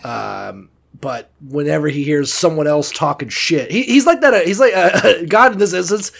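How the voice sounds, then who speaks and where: Gravelly, irreverent man on a podcast. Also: a little high, expressive, normal speed, a bit bright. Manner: irreverent, profane, jokey retelling of scripture. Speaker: podcast co-host. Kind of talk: casual chat.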